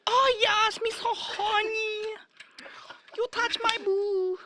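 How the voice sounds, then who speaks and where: A man voicing a flirty female restaurant server who speaks broken English, in an exaggerated, squealing, drawn-out way. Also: very high-pitched, level tone, noisy background, pitched above the performer's own voice. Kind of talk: comedic put-on voice in an anecdote.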